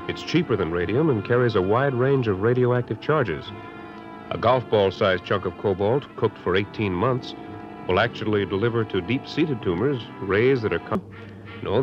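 A man explaining laboratory work formally in a 1950s educational film. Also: fairly low pitch. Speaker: lab scientist explaining equipment. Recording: dull lo-fi old film soundtrack with music.

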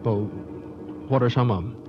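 A man's voice: medium pitch, moderate pace, noisy background. A man hosting a 1950s educational film, asking curious, folksy questions and narrating. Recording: dull lo-fi old film soundtrack with music.

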